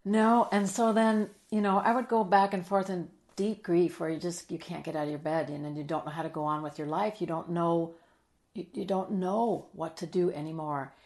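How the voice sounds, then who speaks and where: Lowish-voiced middle-aged woman telling her story in an interview, earnest and emotional, gets real quiet sometimes. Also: moderate pace. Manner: earnest and emotional, drops soft and quiet, then lively when quoting. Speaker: guest.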